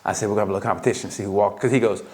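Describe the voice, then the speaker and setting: A man's voice: on the low side, fairly even intonation, racing. Man, casual podcast storyteller, profane and loose, laughs often. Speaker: podcast co-host. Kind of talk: casual chat.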